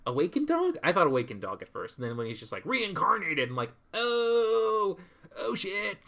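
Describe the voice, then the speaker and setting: A man's voice: on the high side, wildly swooping pitch, fast, pushed and bright. Chatty man livestreaming and reading chat. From California. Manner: chatty, reads chat aloud and riffs with laughs. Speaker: streamer drawing and reading chat.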